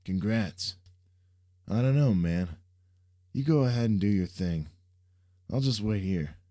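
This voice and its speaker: A man's voice: on the low side, expressive, a little slow, dark tone, pitched above the performer's own voice. A man voicing a laid-back, reluctant young man who banters sardonically. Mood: wry.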